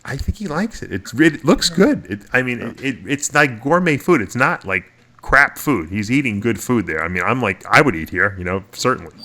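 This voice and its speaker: A man's voice: mid-range voice, big pitch swings, normal speed, sharp tone. A middle-aged man co-hosting a casual talk show, telling long rambling stories with many restarts. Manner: rambling, restarts often, chuckles through stories. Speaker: podcast co-host. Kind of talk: casual storytelling chat.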